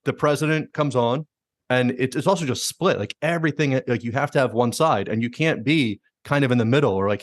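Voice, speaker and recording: A man hosting a podcast, chatting casually and bluntly about politics, swearing freely and mimicking politicians in quick asides. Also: mid-range voice, no room sound, clean studio sound. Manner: fast, swearing, mimics politicians in quoted voices. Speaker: podcast host.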